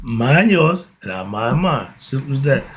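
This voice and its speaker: A man's voice: medium pitch, very animated, measured pace, a bit bright. A man, giving a casual, blunt monologue, often laughing and asking and answering his own questions. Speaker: host of a philosophy talk channel.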